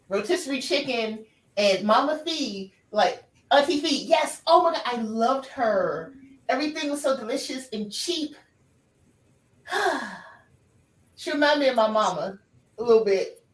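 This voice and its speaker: Sitting far from the mic in an echoey room, a woman from the American South with a high-side voice talks a little slowly with frequent pauses. She chats casually on stream, laughing a lot and speaking in a lively, expressive way.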